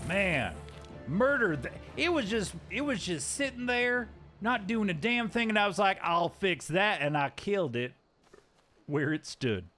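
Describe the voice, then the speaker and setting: A man's voice: sits high, very animated, a little slow, sharp tone, faint music behind. A man streaming a video game, chatting casually in a joking way with sudden yelps and some swearing. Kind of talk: casual live-stream gameplay commentary.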